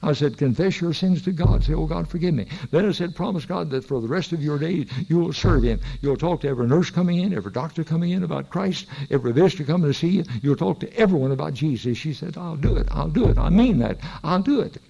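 A man's voice: a little high, quick pace, vocal fry, hardly any pauses, mellow, slightly rough, low-quality recording. An older man preaching a sermon in a church, telling folksy stories that rise into emphatic preaching. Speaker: pastor.

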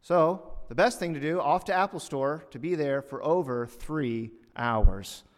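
A man preaching a sermon, telling a story in an animated way and rising loud and high at the punchlines. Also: a little slow. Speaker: pastor. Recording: long reverb of a hall.

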